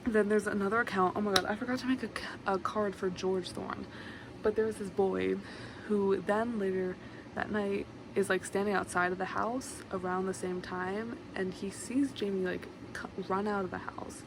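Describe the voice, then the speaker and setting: A young woman talks through a book's plot in a loose, chatty ramble, full of fillers and quick asides. Her voice has a gravelly fry to it. A fan hums clearly in the room behind her. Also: mid-range voice, steady tone. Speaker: book vlogger. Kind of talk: casual book summary to camera. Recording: noisy room with a fan running.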